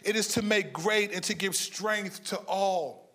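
A man preaching a sermon, moving between lively storytelling and hushed, slow emphasis. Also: high-pitched. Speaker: pastor.

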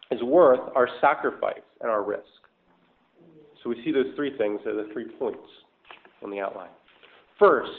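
Preacher man on tinny, phone-like audio. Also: medium pitch. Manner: structured, explanatory, rises for emphasis. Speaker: pastor. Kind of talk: sermon.

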